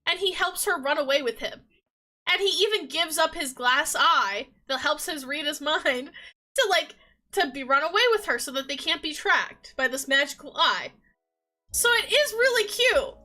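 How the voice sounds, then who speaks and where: Super high bright-voiced woman streamer rambling thru a game recap, tons of "like"s, faint music behind. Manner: rambling, lots of "like" fillers, animated storytelling. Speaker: livestreamer. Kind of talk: casual chat recapping a game.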